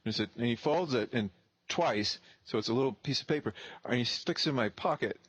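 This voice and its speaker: A man in his thirties tells a casual story in a blunt, profane way and acts out both sides of the dialogue. His voice sits at an ordinary middle pitch. The sound is dry and close, with no room echo. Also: lively intonation, brisk, husky. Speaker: real estate investor and teacher.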